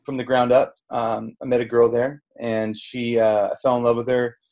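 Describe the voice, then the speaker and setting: A middle-aged man from Southern California, a chef guesting on a podcast, speaks in a medium-pitched, darkish voice at normal speed with a level tone. His candid storytelling rambles, restarts, and includes quoted dialogue, recorded on a podcast microphone in a casual interview.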